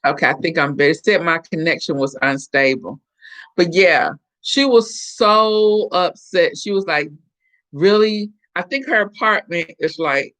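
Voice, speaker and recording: A woman's voice: fairly low pitch, measured pace, fairly bright tone. Middle-aged woman from Florida, live-stream host, casual chatty storyteller. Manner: chatty storyteller, acts out quoted voices. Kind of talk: casual chat with viewers.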